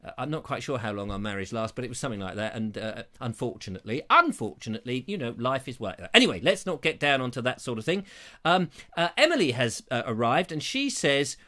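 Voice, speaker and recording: Male live-show host, bright tone, theatrical rambling comic delivery. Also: big pitch swings, quick pace. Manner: jokey, rambling, theatrical pitch swings. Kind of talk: live show chat, reading viewer comments. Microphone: lapel mic.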